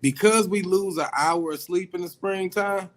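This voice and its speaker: A man's voice: high voice, moderate pace, a bit bright. Easygoing Midwestern co-host man. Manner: easygoing, explains things steadily. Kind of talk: casual radio chat.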